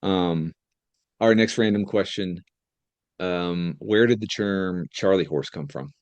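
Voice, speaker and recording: Young male podcast co-host, deep voice, dry close sound, loose jokey rambling. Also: takes it slowly, a little mellow, no room sound. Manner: joking, rambling, laughs often. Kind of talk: casual chat.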